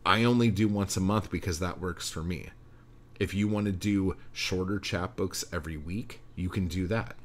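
Deep-voiced, profane man on a podcast. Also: normal speed. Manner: profane, blunt, encouraging. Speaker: podcast host. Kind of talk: casual solo podcast chat.

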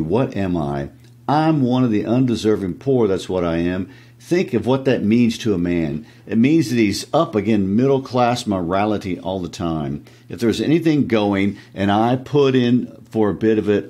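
A man's voice: lowish voice, dark tone, husky. A man reading the lines of a shameless poor dustman from a play, with self-justifying banter.

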